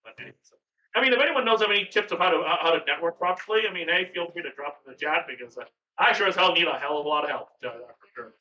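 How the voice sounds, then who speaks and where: Excitable rambling man, far from the mic. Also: a little high, very fast. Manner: rambling, excitable, swears casually. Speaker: podcast guest, cooking streamer. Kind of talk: casual chat. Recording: far-off, roomy, dull sound with hum.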